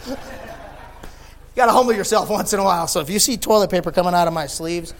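A tired man preaches with fervor, his high voice climbing to loud peaks before sinking into hushed lines. He reads scripture aloud between the emphatic parts of his sermon. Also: quick pace, gravelly. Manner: fervent preaching, swinging from loud emphatic peaks to low quiet stretches; sweaty and laughing at himself between scripture readings. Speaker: pastor.

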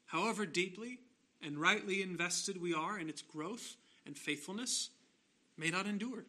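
Man, pastor, sermon, bright voice, emphatic, slows on key phrases. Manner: emphatic preaching, slowing and rising on key phrases; softer, lower voice in closing prayer.

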